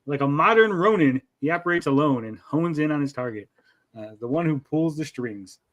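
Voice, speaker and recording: Joking man, fairly high voice, hosting. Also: expressive, normal speed, fairly bright tone. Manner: reads promo text then breaks into crude joking asides. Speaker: livestream show host. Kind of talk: casual livestream chat, reading a crowdfunding pitch aloud.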